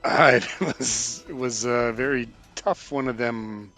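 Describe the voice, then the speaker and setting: A man playing a tabletop game, chatting in a relaxed way. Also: mid-range voice, slow, faint music behind. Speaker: player.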